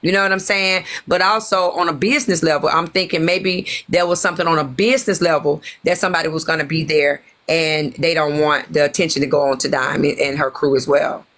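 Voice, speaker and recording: A woman with a bright, sharp-edged voice joins a livestream as a guest. She lays out her gossip theory in an animated, conspiratorial way, keeping the listeners hooked. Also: sits low, brisk, hardly any pauses. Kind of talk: casual gossip commentary.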